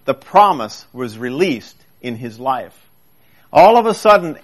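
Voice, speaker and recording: A man preaching a sermon who reads scripture aloud and then explains it, speeding up and slowing down for emphasis. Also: a little high, a bit bright.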